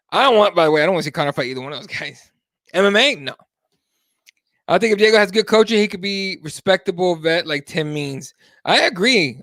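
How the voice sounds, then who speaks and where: A man with a fairly high voice hosts a live MMA talk show. He talks in a loose, animated way and swears freely. His voice is close and dry, with no room sound around it. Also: no echo. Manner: casual, animated, swears freely, reads chat aloud. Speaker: host.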